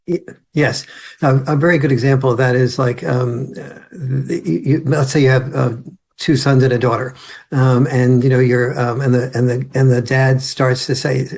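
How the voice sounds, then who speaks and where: A man with a gravelly, husky voice rambles through a long answer, full of restarts and fillers. He often slips into the voices of family members as he tells his story. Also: medium pitch, fairly even intonation, normal speed, darkish tone. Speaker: author and guest. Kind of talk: interview answer.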